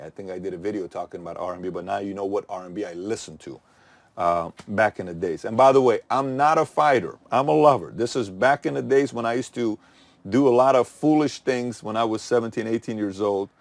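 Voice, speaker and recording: A man's voice: lowish voice, brisk, darkish tone, dry recording. A middle-aged man hosting his channel, giving a punchy motivational talk full of rhetorical questions that he answers himself. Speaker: channel host.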